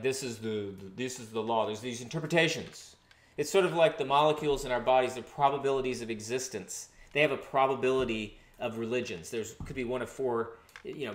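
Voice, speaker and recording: A man's voice: medium pitch, reverberant. A man giving a rambling, tongue-in-cheek art lesson monologue, meandering and repeating words. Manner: meandering, repeats words, sudden swoops up into a loud sing-song. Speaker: self-styled art teacher.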